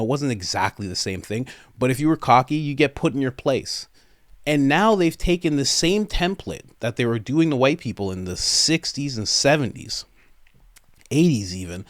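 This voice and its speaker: Animated, incredulous male podcast host. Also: mid-range voice, no echo, studio quality. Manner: animated, incredulous, laughs between points; casual, with frequent fillers like "man" and "bro". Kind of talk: opinionated podcast commentary.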